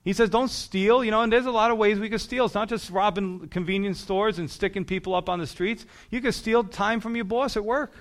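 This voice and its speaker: A man, a pastor, preaching a sermon in an animated, conversational way, chuckling now and then. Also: sits high, brisk, hardly any pauses.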